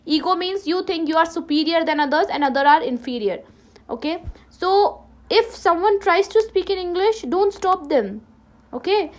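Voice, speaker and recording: This is a very high-pitched, expressive female teacher with a Ladakhi accent, moving at a moderate pace through a lesson. Frequent self-corrections and restarts mark her speech, along with an "okay?" after nearly each sentence.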